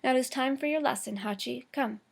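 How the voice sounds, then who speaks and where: A woman voicing a kind, gentle older male professor who talks fondly and patiently to his puppy. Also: sits high, brisk, vocal fry. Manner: patient, fond commands to a puppy.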